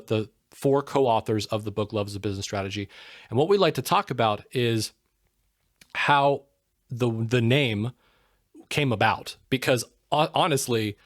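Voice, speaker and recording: A man's voice: medium pitch, dry recording, clean studio sound. A man talking as a podcast guest, earnest and emphatic, often asking rhetorical questions. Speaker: podcast guest, book co-author. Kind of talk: casual interview talk.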